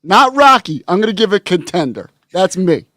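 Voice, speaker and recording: A man hosting a podcast in casual interview chat, laughing often and agreeing quickly. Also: high-pitched, no room sound, clean studio sound. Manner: lively, laughs a lot, quick agreeing replies. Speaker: podcast host.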